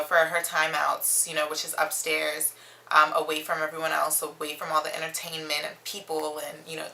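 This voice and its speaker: A woman's voice: low-pitched, gravelly, bright, forceful tone, a little hiss or hum, rough recording. A young woman chatting to camera as a mom vlogger, reading questions from her phone with lots of ums. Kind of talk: casual chat to camera.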